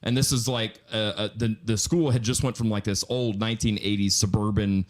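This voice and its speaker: A man with a fairly low voice tells a story on a podcast. He talks loosely, with lots of ums, swearing and laughter. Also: fairly quick. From Missouri, USA. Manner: relaxed, swears freely, full of ums and laughs. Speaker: podcast co-host. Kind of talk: casual storytelling.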